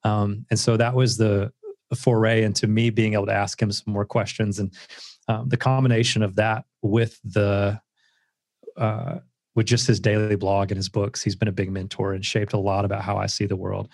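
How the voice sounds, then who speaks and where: Gravelly low earnest man. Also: little pitch movement, normal speed, darkish tone, no room sound, clean studio sound. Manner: earnest and reflective, with many filler words. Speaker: guest author. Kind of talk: casual interview storytelling.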